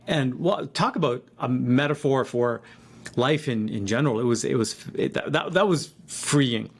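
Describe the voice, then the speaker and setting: A man in his fifties telling a personal story in a reflective, halting way, with frequent restarts. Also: mid-range voice.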